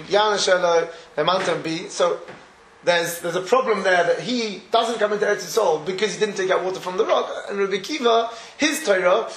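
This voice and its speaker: Guy giving a torah class, kinda high voice, laughs a lot as he tells stories, echoey room. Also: slight background noise. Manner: animated storytelling, laughs often. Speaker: rabbi teaching Torah.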